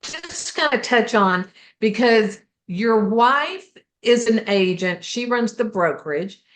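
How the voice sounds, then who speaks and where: A woman's voice: on the high side, expressive, takes it slowly. A woman hosting a podcast interview, laughing along and asking long, winding questions. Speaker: podcast host. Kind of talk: casual interview.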